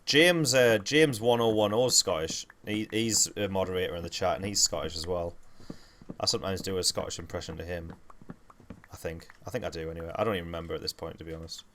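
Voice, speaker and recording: A man's voice: deep voice, steady tone, fast talker, fairly bright tone, a little hiss or hum. A man with a Geordie accent chatting casually and rambling through a gaming livestream. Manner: chatty, rambling, laid-back.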